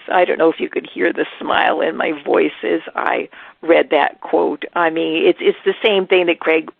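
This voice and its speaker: A woman hosting a spiritual talk show, speaking slowly and earnestly in a reflective monologue. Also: sits low, gravelly, no room sound, narrow, tinny audio. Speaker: host.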